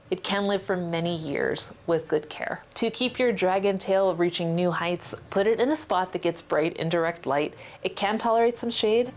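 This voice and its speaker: A woman's voice: fairly low pitch, slight background noise. A woman hosting a houseplant vlog at home, explaining plant care in a chatty, playful way with jokey asides. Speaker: houseplant vlogger. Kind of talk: casual informative vlog narration.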